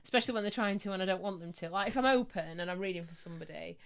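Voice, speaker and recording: Woman guest, psychic medium, low-pitched, lively anecdotal delivery. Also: vocal fry, smooth. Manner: lively storyteller, quick bursts of laughter. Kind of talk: casual podcast chat.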